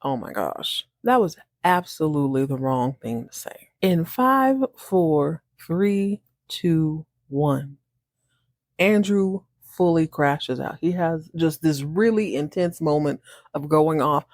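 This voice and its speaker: A woman hosting a podcast, recapping a TV episode in an animated, chatty way, acting out the characters' lines and laughing often. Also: low-pitched, slow pace, no room sound, studio quality. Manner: animated, acts out characters' lines in shifting voices. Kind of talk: casual recap monologue.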